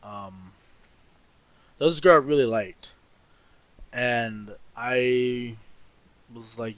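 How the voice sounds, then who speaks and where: Expressive young man rambling casually. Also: mid-range voice, slow, long pauses, no room sound, rough recording. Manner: expressive, rambling with many fillers and restarts. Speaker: streamer answering viewer questions. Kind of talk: casual Q&A while gaming.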